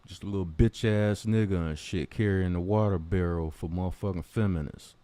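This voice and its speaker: A man's voice: deep voice, steady tone, brisk, dark tone, no echo. A man ranting in a commentary vlog, confrontational and mocking, swearing heavily. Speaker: commentary vlogger.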